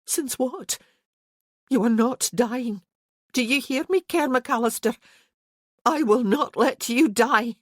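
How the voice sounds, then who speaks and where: A woman reading an audiobook puts on a fierce young Highland woman, her voice pushed high, urgent and emphatic, quick to scold. The read is close and dry, with no room sound. She stays stubborn and sharp-tongued throughout. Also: dry recording. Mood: pleading. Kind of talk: audiobook character voicing.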